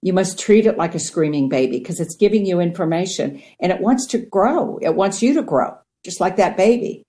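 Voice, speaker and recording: This woman from Ohio, in the United States, appears as a guest to talk about mindfulness. Her voice is lowish and her pace normal, and she teaches conversationally, earnest and animated, acting out little quotes as she explains.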